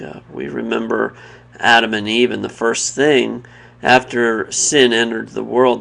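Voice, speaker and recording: Gravelly-voiced guy doing a heartfelt devotional video, earnest and reflective, lots of pauses. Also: medium pitch, a bit bright. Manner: pauses and restarts mid-thought. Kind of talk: personal devotional talk.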